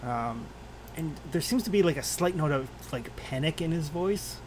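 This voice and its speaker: A man's voice: on the high side, lively intonation, darkish tone, slight background noise. Hesitant man running a tabletop game. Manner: halting, many fillers and restarts. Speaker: game master.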